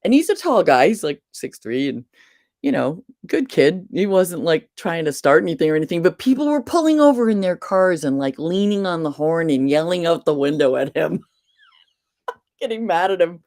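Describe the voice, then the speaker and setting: A woman's voice: lowish voice, normal speed, no echo, clean studio sound. A middle-aged woman from New England hosting a casual video-call chat, telling stories animatedly and laughing often. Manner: chatty, animated storyteller who laughs often.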